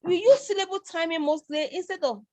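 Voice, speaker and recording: A woman's voice: extremely high pitch, brisk, warm tone, no room sound. A middle-aged Nigerian woman lecturing a live class, emphatic and questioning, often repeating herself. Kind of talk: live online class discussion.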